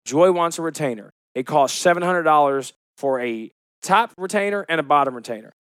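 A man in his thirties co-hosting a casual chat, telling stories with animated, defensive humor. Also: fairly high pitch, fairly quick, clean tone, no room sound, studio quality. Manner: animated storyteller, defensive and joking. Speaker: podcast co-host.

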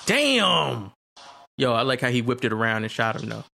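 A man's voice: mid-range voice, very animated, normal speed, creaky, pushed and bright, a little hiss or hum. A man giving casual, laughing movie reaction commentary, swearing and bantering with friends.

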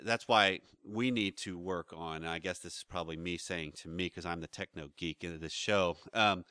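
Podcast co-host, male, bright forward tone, low-pitched, talks in long rambling restarts, dry close sound. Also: dry recording. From United States. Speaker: podcast co-host, relationship counselor. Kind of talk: casual chat.

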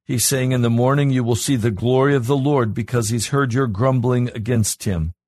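A pastor preaching a sermon in an earnest, personal way, his voice lifting higher and louder when he drives a point home. The man's voice has a slightly husky edge at a middle pitch. It is recorded close and dry, with no room echo. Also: steady tone, moderate pace.

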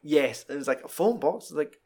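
A young Scottish man in casual chat, animated, swearing freely and acting out scenes with laughter. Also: fairly high pitch, normal speed, husky.

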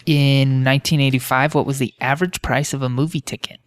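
A podcast co-host speaks in a steady, mid-range voice at a brisk pace, with no echo. On a casual show he playfully and patiently explains a card game, reading trivia questions aloud and quizzing his partner as they play.

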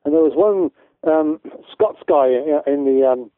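A man's voice: a little high, a little slow, no room sound. A man from the UK, a guest educator in a casual interview, talking in a rambling way with many restarts. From United Kingdom. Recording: tinny phone-line audio, dry.

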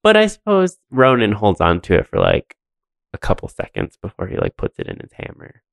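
A man's voice: lowish voice, huge pitch swings, brisk, gravelly, no echo. A man co-hosting a podcast, recapping a film in rambling casual chat full of fillers and laughs. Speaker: podcast co-host.

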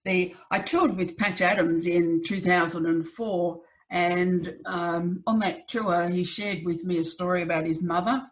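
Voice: mid-range voice, fairly even intonation, unhurried, few pauses, poor audio. A speaker sharing anecdotes reflectively in a casual conversation.

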